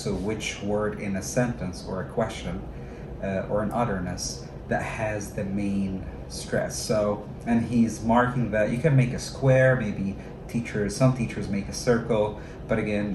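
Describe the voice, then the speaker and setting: A man who trains teachers, talking over a lesson video and explaining in a measured way, with frequent fillers. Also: lowish voice. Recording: echoey room with clear background noise.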